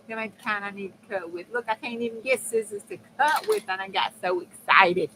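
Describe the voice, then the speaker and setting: A woman chatting casually on a crafting livestream, folksy and prone to excited laughter. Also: mid-range voice, a little fast, few pauses, slight background noise, rough recording. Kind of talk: casual live-stream chat while crafting.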